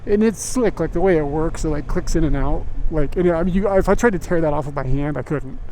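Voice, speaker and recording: A man's voice: fairly high pitch, fast talker, mellow. Chatty young man on a helmet mic. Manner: rambling and chatty, many fillers, laughs easily. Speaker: livestreamer. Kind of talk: casual live-stream chat while riding. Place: outdoors on a motorbike at night in city streets. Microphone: helmet-mounted mic. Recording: faint traffic noise behind.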